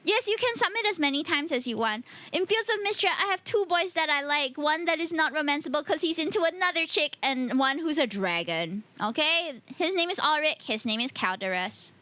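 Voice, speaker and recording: A woman's voice: high voice, animated, brisk, few pauses, sharp tone, no room sound. A tired woman streamer, chatting playfully and addressing her chat. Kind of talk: casual live-stream chat.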